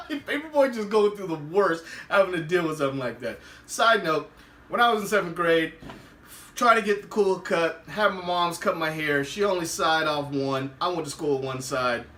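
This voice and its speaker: A man hosting a podcast, giving a casual, animated recap of a TV episode, laughing often and acting out the characters' lines. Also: a little high, normal speed, distant mic. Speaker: podcast host. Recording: roomy, away from the mic.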